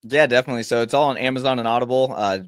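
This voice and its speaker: A man's voice: medium pitch, steady tone, racing, dry recording, studio quality. A young man, a mental golf coach and podcast guest, giving earnest, encouraging advice in casual chat with frequent "uh"s.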